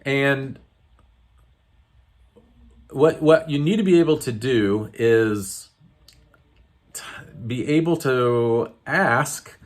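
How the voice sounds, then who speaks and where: Slow, halting man coaching. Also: medium pitch, expressive. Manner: halting, many restarts and fillers, earnest. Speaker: wellness coach. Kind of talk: unscripted teaching to camera.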